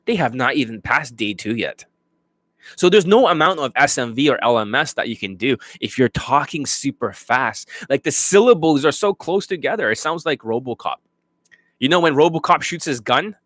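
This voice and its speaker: A man's voice: mid-range voice, lively intonation, normal speed, fairly bright tone, dry recording. Blunt, profane male dating coach. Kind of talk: unscripted monologue to students.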